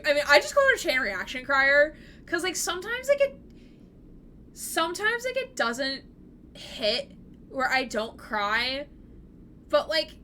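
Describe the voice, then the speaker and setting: Bright, high-voiced woman chatting on stream. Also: a little hiss or hum. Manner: chatty and rambling, heavy use of "like"; laughs easily. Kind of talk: casual live-stream chat with viewers.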